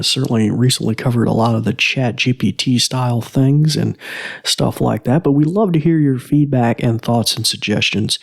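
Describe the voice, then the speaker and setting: A man's voice: mid-range voice, creaky, a little mellow. A man hosting a tech podcast, talking casually in a rambling, self-correcting, friendly way. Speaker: podcast host.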